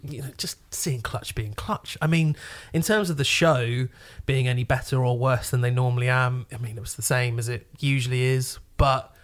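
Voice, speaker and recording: A man's voice: mid-range voice, steady tone, moderate pace, few pauses. A man co-hosting a music podcast, giving thoughtful, rambling opinions in casual chat. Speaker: podcast co-host.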